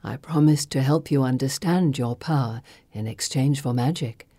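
A woman voicing a cold, steely sorceress in an audiobook, speaking low and measured. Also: dark tone, no room sound. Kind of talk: audiobook reading.

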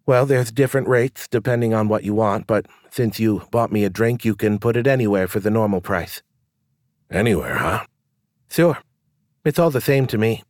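A man's voice: on the low side, expressive, normal speed, darkish tone, dry recording, clean studio sound, natural voice. Man putting on a lisping toothless tavern woman. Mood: earnest. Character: toothless lisping young female prostitute, gentle.

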